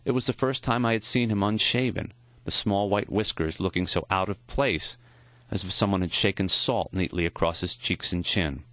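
Low-voiced man reading a memoir. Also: no echo. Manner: quiet, measured, reflective. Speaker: narrator. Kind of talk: audiobook memoir narration.

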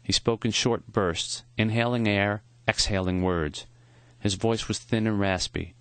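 Man narrating a memoir, lowish voice, dry close sound, calm and measured. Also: clean tone, no echo. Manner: quiet, measured, reflective.

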